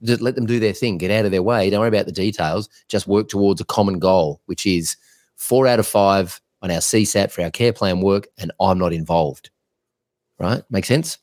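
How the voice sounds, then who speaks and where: A man co-hosting a podcast, giving business coaching advice in an energetic, blunt, rambling way. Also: sits low, moderate pace.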